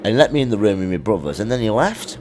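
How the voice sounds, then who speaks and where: Deep-voiced middle-aged Birmingham man, rambling. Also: big pitch swings, racing, darkish tone. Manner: rambling anecdotal storytelling. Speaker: musician guest. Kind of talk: casual chat interview. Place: music studio.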